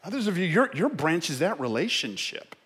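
Impassioned preacher with a bright voice. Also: male voice, a little high, very animated, fairly quick, breathy edge, long reverb tail. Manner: impassioned, with stammered restarts. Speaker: pastor. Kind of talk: sermon.

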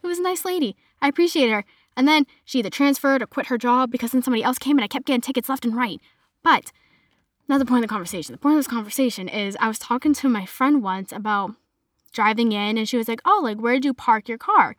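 A woman's voice: fairly high pitch, fast, no echo, clean studio sound. A young adult woman with a Boston accent, chatting casually as a podcast host and filling her talk with "like". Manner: chatty, heavy use of "like" fillers. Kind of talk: casual chat monologue.

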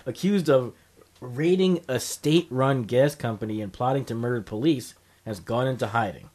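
A man's voice: medium pitch, moderate pace, a little mellow. A man hosting a casual comedy podcast, reading out strange news stories, laughing and swearing freely. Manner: swearing, laughing, reads headlines aloud.

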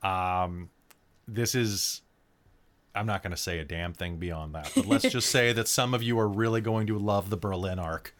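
A man's voice: low voice, moderate pace, fairly bright tone. Rambling man as game master. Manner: rambling, many fillers and restarts. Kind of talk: casual stream sign-off chat.

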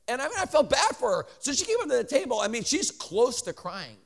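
High-pitched guy preaching, storytelling sermon, jokey and animated, lots of i mean. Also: fast talker, hardly any pauses. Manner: animated, joking asides, many "I mean" restarts. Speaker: traveling preacher.

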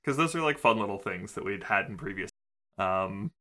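A man's voice: lowish voice, lively intonation, normal speed, pushed and bright. A man co-hosting a podcast, recapping an episode casually with lots of hesitant ums. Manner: hesitant, many ums and restarts. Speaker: podcast co-host.

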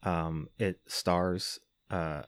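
A man's voice: deep voice, fairly even intonation, drawn-out words, dry recording. A man hosting a podcast, recapping a movie in a wry, casual way with lots of fillers and chuckles. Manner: wry, laughing, filler-heavy. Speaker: podcast host.

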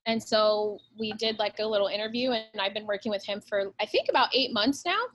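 A woman's voice: medium pitch, a bit bright. A woman, a real estate agent talking bluntly and with plenty of swearing in a casual podcast interview. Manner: blunt and profane, fast-flowing pep talk.

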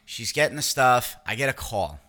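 Bright-voiced rambling male storyteller. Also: medium pitch, very animated, moderate pace. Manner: rambling, profane, self-interrupting. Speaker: podcast co-host. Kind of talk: casual storytelling.

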